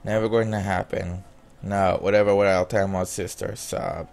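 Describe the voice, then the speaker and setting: Voicing a visual novel's dialogue plainly as himself, a man reads at a moderate pace and now and then breaks off for casual comments. His low voice is gravelly and a little mellow, with a flat delivery.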